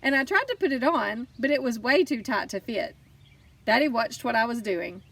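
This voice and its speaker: Woman narrator, bright high voice, expressive children's audiobook, slightly off-mic. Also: moderate pace, gravelly, husky, distant mic. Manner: lively, expressive first-person storytelling. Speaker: audiobook reader.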